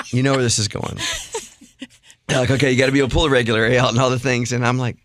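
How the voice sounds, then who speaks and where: A middle-aged man, a guest songwriter and worship leader, telling an animated, self-deprecating story with frequent restarts. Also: mid-range voice, fast, very noisy.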